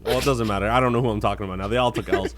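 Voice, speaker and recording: A man's voice: on the low side, steady tone, rapid-fire, background noise. A young man co-hosting a podcast, teasing and cutting in with jokes. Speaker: podcast co-host. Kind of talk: casual banter.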